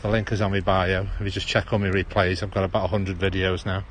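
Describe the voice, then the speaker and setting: This livestream host is a fast-talking man from Stoke-on-Trent with a low voice and level tone, strolling through an outdoor park with a handheld phone. He rambles chattily and drops H's in his Potteries accent, and there's a little hiss or hum.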